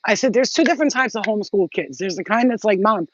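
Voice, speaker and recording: A woman's voice: mid-range voice, expressive, quick pace, muffled recording. A woman hosting her own channel, telling rambling, profane stories in a casual vlog. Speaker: channel host.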